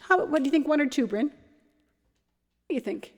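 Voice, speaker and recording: Lady, 30s or 40s, rambly livestream host, kinda high voice, big reverby hall. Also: expressive, fairly quick. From Ontario, Canada. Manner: chatty and rambling, restarts her sentences. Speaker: cabaret host and singer. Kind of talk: casual livestream chat between songs. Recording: long hall reverb with faint music.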